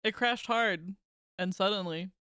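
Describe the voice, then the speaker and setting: A man's voice: high voice, measured pace, sharp tone, smooth, no room sound, studio quality. A man streaming a video game live, chatty and reacting aloud as he plays. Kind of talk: live gameplay commentary.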